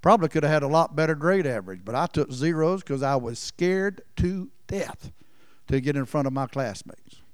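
Folksy preacher, dry sound. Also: male voice, on the high side, lively intonation, normal speed, clean tone, no echo. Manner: folksy storytelling, swings from loud emphasis to near-whispers. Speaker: pastor. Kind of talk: sermon.

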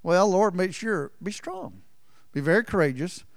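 A male pastor with a drawl preaches with a folksy, storytelling touch. His voice sits a little high for a man and swings between loud emphasis and hushed near-whispers. The recording is close and dry, with no room echo. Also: lively intonation, a little slow. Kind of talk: sermon.

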